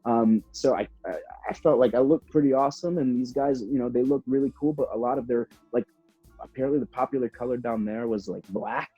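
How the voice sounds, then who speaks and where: A young man, a professional wrestler telling stories in a casual interview, animated and full of fillers. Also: mid-range voice, a little fast, slightly rough, no room sound. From Puerto Rico. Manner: animated, acts out voices, many fillers. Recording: dull slightly lo-fi sound, faint music.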